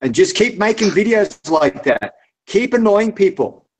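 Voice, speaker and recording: A laid-back Australian man chatting on a video call. He is encouraging and says mate all the time. His voice sits somewhat high. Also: big pitch swings, unhurried, slight background noise. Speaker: hangout participant. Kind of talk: casual chat.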